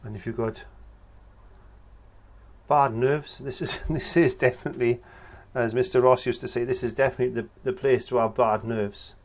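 A man, talking through a painting tutorial in a relaxed, chatty way as he works. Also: medium pitch, moderate pace. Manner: relaxed, chatty, talks while working. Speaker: painting instructor.

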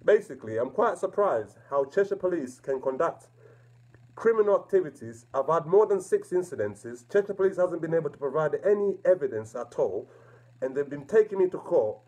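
A man's voice: a little high, lively intonation, brisk, a little mellow. A man calling the police on the phone, insistent and repeating himself with polite fillers. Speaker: caller. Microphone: phone call recorded.

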